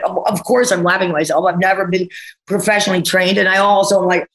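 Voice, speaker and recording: A woman's voice: mid-range voice, steady tone, fast talker, fairly bright tone, low-quality recording. An actress recalling her career in a casual interview, talking candidly and rambling through restarts. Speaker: actress guest.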